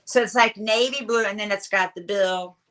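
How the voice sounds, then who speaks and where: Bright, animated older woman storyteller. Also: medium pitch, normal speed. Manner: animated, chatty, tells stories with lots of fillers. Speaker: guest. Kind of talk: casual storytelling interview.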